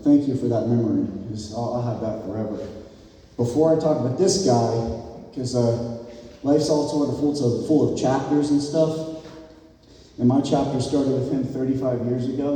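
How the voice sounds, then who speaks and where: A man in his fifties giving a rambling, joking and sentimental wedding toast as the groom's old friend. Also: medium pitch. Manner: rambling, joking, sentimental, shouts out crowd cheers. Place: wedding reception hall. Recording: echoey hall, mic from a distance.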